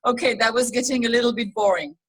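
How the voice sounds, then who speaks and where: A woman with a somewhat high voice tells a casual story as a volunteer on a video call. She talks in a relaxed, chatty way and laughs now and then. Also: quick pace, breathy edge, rough recording. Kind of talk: casual anecdote.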